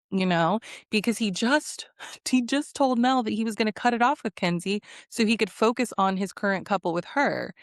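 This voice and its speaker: A woman's voice: medium pitch, dry recording, studio quality. A woman giving a casual reality show recap, sassy and full of laughs and mocking asides. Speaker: recap host.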